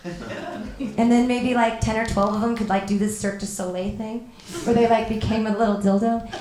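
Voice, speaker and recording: Stand-up comic, female, high voice, roomy club sound, deadpan delivery with loud bursts. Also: moderate pace, a crowd in the background. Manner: deadpan, with sudden loud outbursts. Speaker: stand-up comedian. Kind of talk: stand-up comedy set.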